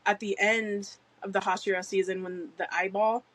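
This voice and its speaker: Woman, podcast co-host, husky voice, casual fan chat, swears and laughs a lot. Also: mid-range voice, little pitch movement, normal speed, fairly bright tone. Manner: laughs often, swears casually, acts out characters' lines.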